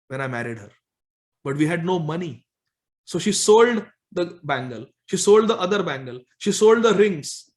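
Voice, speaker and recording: A man voicing a poor, bewildered devotee who sounds incredulous and pleading. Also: sits high.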